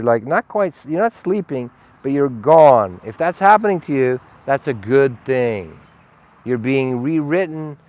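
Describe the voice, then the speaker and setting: Blunt, rambling man. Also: medium pitch. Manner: rambling, blunt, profane, shifting loud and soft. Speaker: spiritual teacher. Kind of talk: unscripted spiritual monologue.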